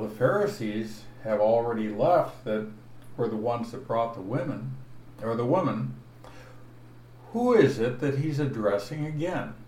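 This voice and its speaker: A man preaching an expository Bible sermon, teaching slowly and deliberately and stressing each verse he points to. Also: mid-range voice, a little mellow. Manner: slow, deliberate teaching with emphatic verse references. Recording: echoey room, voice from afar, faint noise.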